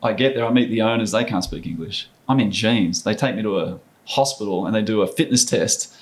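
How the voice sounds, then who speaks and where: A middle-aged man, a former basketball player, telling stories as a podcast guest in an animated, casual way. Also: on the low side, brisk. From Australia. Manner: animated storyteller, acts out quoted voices. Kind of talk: casual storytelling interview.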